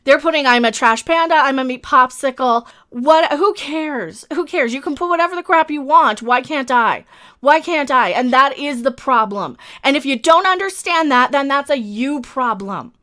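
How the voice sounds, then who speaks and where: A woman's voice: sits high, expressive, normal speed, pushed and bright. A woman hosting a commentary video, ranting in a heated, emphatic way, repeating her points and swearing often. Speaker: commentary channel host.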